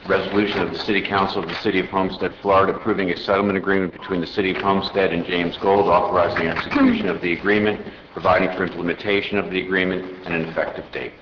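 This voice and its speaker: A man advising a city council and reading a resolution aloud in a brisk, businesslike way. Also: low voice. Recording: echoey, muffled chamber audio with noticeable hiss.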